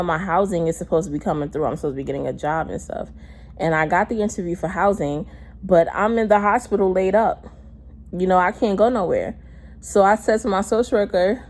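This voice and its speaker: A young woman with a lowish voice, telling her own story to the camera. She talks candidly and with heat, cursing freely as she goes. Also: brisk, darkish tone. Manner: candid and heated, with frequent cursing. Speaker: vlogger. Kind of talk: casual storytelling.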